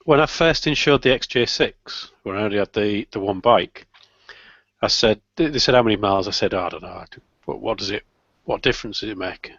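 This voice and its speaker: A man's voice: fairly low pitch, a little fast, a bit bright, dry recording. British guy rambling through a story on a muffled call, dry and close. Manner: chatty, storytelling with dry humour. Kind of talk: casual group chat on a live stream. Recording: dull lo-fi call audio.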